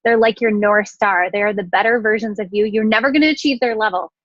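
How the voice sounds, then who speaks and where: A woman leading her sales team in an energetic, frank motivational talk, with a casual swear here and there. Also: mid-range voice, a little fast, no echo. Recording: dry, slightly dull recording.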